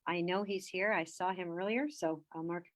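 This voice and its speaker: A woman's voice: lowish voice, steady tone, moderate pace. A woman chairing a council meeting over a video call, running the votes and roll call politely with small fillers.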